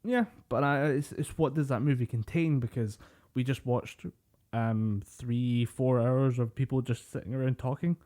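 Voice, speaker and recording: Chill podcast guy, mellow tone, jokey and easygoing. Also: medium pitch, fairly even intonation, normal speed. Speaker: podcast co-host. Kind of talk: casual chat.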